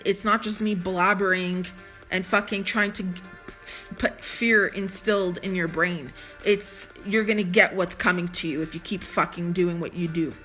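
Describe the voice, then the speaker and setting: A woman's voice: medium pitch, fairly bright tone. Blunt, profane woman ranting to camera. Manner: ranting with frequent restarts. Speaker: vlogger.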